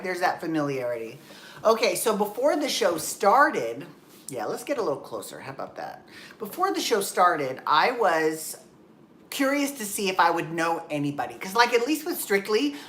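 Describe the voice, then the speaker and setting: Low-voiced woman rambling in a vlog. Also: a bit bright, reverberant. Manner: rambling, self-correcting, candid and swears. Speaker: vlogger. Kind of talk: casual chatty vlog. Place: home, just out of the shower.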